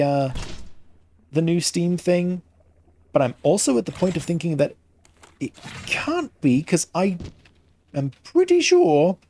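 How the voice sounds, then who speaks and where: A man giving casual gameplay commentary into a headset, pausing often to find the next word. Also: on the high side, warm tone, a little hiss or hum. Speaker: gaming streamer.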